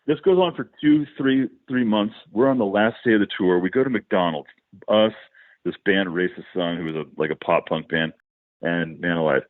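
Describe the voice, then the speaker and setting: A middle-aged man with a very low, deep voice recounts tour stories in a loose, rambling way. He starts over often and piles on asides. The sound is dry and squeezed down to a narrow, phone-like band. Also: normal speed, no echo. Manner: rambling, animated anecdotes with many restarts. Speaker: musician, guest. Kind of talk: casual storytelling in a podcast interview.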